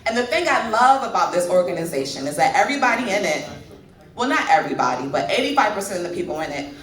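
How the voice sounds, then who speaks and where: A woman's voice: mid-range voice, big pitch swings, quick pace. A woman in her thirties doing a stand-up set, chatting and teasing the audience. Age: 30s. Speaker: stand-up comedian. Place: comedy club stage. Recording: echoey club from far mic.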